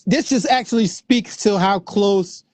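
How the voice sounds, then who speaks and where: Man, high-pitched, dry close sound, slangy storyteller, laughing often. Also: measured pace, no room sound. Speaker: guest musician. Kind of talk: casual storytelling.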